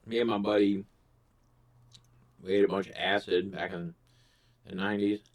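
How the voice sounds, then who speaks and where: A man's voice: fairly low pitch, flat delivery, normal speed. A man in his forties telling a rambling story between bites as a food vlogger, swearing freely. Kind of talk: casual storytelling while eating.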